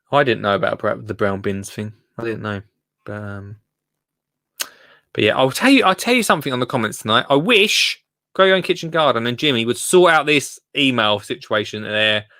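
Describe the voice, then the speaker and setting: The gardening livestream host, a young man from Essex, speaks in a bright, forceful mid-range voice, recorded at studio quality without echo. At home, reading comments live, he chats and rambles in a self-deprecating way with plenty of fillers.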